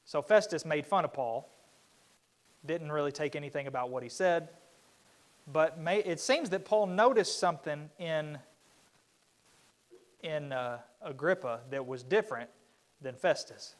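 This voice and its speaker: A man's voice: on the high side, a little slow, pauses often. A man teaching a church Bible study in a loose, conversational way. He restarts often and puts on livelier voices when he quotes someone. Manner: conversational, with frequent restarts and fillers; acts out quoted speakers in a livelier voice. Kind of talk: Bible class lesson. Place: church classroom.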